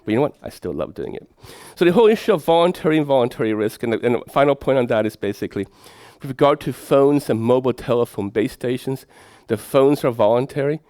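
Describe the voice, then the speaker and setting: A middle-aged man, giving a lecture as a professor, telling lively anecdotes and putting rhetorical questions to his audience. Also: medium pitch, fast talker, few pauses, dry recording, clean studio sound. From Sweden.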